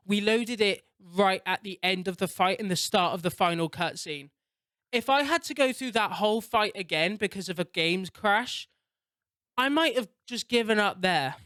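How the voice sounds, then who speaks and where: A man doing excitable, sweary gameplay commentary and narration, laughing often. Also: high voice, smooth, no echo, studio quality. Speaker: gaming YouTuber.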